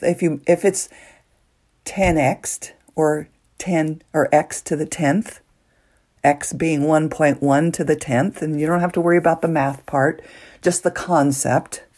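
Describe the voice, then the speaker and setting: A woman hosting a solo motivational podcast, earnest and emotional, moving between soft hushed lines and excited bursts. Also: fairly low pitch. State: nervous, emotional. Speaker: podcast host.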